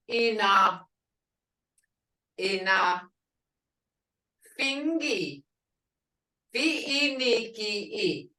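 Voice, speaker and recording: A middle-aged woman teaching pronunciation, speaking slowly and repeating each word to drill its sounds. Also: medium pitch, fairly bright tone. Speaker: language teacher. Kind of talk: pronunciation lesson. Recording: echoey room from far off.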